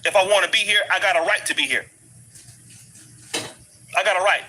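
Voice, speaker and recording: A man's voice: sits high, brisk, sharp tone, low-quality recording. A middle-aged American man with an African American English accent, living abroad and delivering a blunt, emphatic commentary rant that hammers the same points over and over. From United States. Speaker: commentary vlogger. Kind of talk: ranting commentary.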